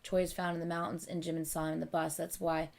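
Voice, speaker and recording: Woman host, lowish voice, casual chatty reading and reacting at home. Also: fast talker, vocal fry. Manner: animated, chatty, thinking aloud with many okays. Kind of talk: casual live reading chat. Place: at home at night.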